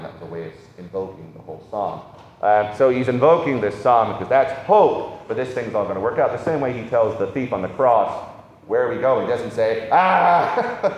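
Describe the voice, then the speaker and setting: A man preaching an informal sermon on catechism, conversational and animated, often asking "right?" between points. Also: medium pitch, slight background noise. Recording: echoey hall, faint ambience.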